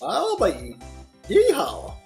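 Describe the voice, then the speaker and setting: Streamer doing a Southern accent, brash woman photographer, folksy whooping drawl, lively pitch, game character. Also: takes it slowly, gravelly, soft background music, exaggerated voice. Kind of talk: let's play character voice.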